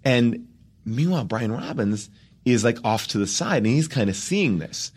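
A man's voice: mid-range voice, normal speed, breathy edge. A middle-aged man, a podcast guest, telling a comic anecdote in casual chat and acting out the people he quotes. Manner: animated storyteller, acts out quoted people in shifting voices.

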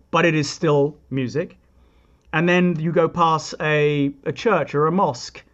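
A man's voice: a little high, dull audio. A man, a composer explaining his ideas in a thoughtful, reflective interview. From England. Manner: thoughtful, reflective, with frequent restarts and asides. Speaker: composer, guest.

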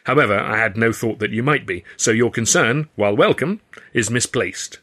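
A man's voice: medium pitch, normal speed, bright, forceful tone. A man voicing a stern older father, a college head porter, reading out his own formal, droll letter.

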